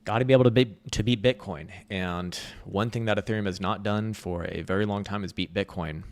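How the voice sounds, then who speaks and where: A man's voice: lowish voice, fairly even intonation, brisk. A man giving blunt, sarcastic live market commentary, swearing freely.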